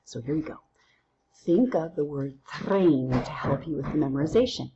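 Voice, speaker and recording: A woman teaching a recorded lesson through counting drills, playful and quick to use silly memory tricks. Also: low-pitched, lively intonation, warm tone, highs cut off, a little hiss or hum. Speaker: Spanish teacher.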